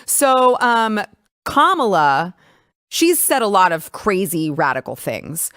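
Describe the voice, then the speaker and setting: A woman's voice: medium pitch, big pitch swings, takes it slowly, fairly bright tone, no echo, studio quality. A woman hosting a political talk show, talking casually with emphatic, sarcastic remarks. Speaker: host.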